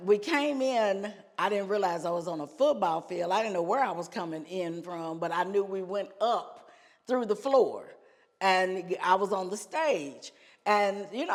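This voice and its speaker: A woman's voice: medium pitch, in a large hall. A woman from the United States, a gospel singer, telling her life story as a podcast guest and often repeating phrases for emphasis. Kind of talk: casual storytelling in an interview.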